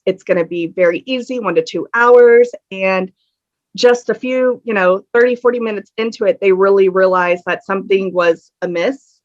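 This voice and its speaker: A woman, telling her story as a podcast guest in a candid, earnest way, with many ums. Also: mid-range voice. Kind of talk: casual interview storytelling. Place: home room with a fan on. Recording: dull lo-fi audio.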